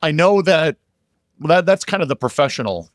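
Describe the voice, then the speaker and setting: A man's voice: fairly high pitch, animated, fairly quick, no room sound, studio quality. An American man hosting a podcast, telling rambling anecdotes full of fillers and restarts. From United States. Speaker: podcast host. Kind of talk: casual podcast conversation.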